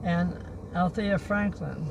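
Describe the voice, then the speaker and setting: An older man hosting a livestream outdoors by the beach, reading historical notes in a halting way and slowing down on names. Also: high-pitched, vocal fry. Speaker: livestream host. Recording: noisy outdoor recording.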